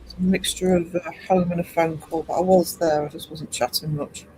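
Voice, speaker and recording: Male streamer, higher register, loose chatty delivery with frequent ums. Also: little pitch movement, brisk, warm tone, a little hiss or hum, rough recording. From United Kingdom. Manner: rambling, chatty, greets chat by name, many ums. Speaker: livestream host. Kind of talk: casual live-stream chat with viewers.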